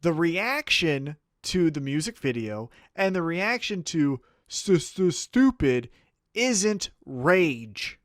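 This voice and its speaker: A man's voice: fairly high pitch, very animated, takes it slowly, no room sound, clean studio sound. A man co-hosting a wrestling podcast in casual chat, talking with profanity and acting out mock quotes.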